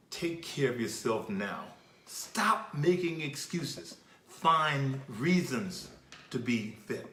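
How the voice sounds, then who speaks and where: A man's voice: on the low side, a bit bright, reverberant, slight background noise. A man who works as a fitness coach, speaking passionately and emphatically, often repeating words as he starts a sentence. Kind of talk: passionate talk.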